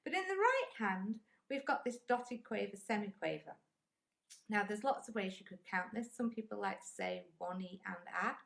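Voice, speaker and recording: Lively encouraging woman teaching music. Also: medium pitch, moderate pace, vocal fry. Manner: patient, encouraging, counts rhythms aloud. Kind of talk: instructional music lesson.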